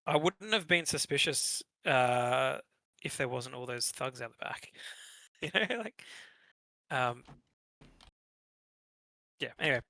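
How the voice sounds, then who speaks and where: A man's voice: medium pitch, animated, slow, creaky, pauses often, bright, forceful tone, no room sound, rough recording. A man playing in a tabletop game, rambling with lots of fillers. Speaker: player.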